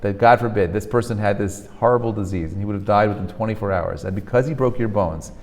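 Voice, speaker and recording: A man teaching a class as a rabbi. He talks in an animated way, often checks with "right?", and mixes Hebrew terms into English. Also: on the low side, fast, long reverb tail. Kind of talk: lecture to a live class. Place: lecture hall with a live audience.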